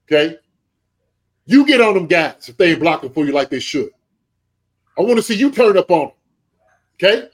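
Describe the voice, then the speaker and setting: Impassioned, higher-voiced man lecturing players. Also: low-quality recording. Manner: impassioned, lecturing, keeps asking "okay?". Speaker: former pro football player and special teams coach grading a team. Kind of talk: passionate podcast commentary. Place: at home.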